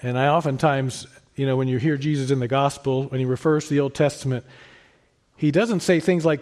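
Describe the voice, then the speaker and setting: A man preaching a sermon in an earnest, emphatic way, rising to stress his points and then dropping soft. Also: mid-range voice, steady tone, brisk. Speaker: pastor.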